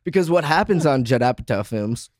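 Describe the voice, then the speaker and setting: Young male podcast host, easygoing chat, big swings in pitch, dry close sound. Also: a little fast, dry recording. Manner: animated, laughs a lot, many fillers. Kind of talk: casual chat.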